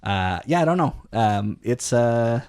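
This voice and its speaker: A man's voice: medium pitch, animated, unhurried, darkish tone, clean tone. A man co-hosting a podcast, chatting casually and jokingly about toy sets. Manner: jokey, with playful quoted voices. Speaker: podcast co-host. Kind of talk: casual chat.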